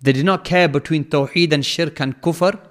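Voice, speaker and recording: A man giving an explanatory religious lecture, speaking in a measured way, repeating phrases for emphasis and reciting verses in Arabic. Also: on the high side, fairly bright tone. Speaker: Quran lecturer.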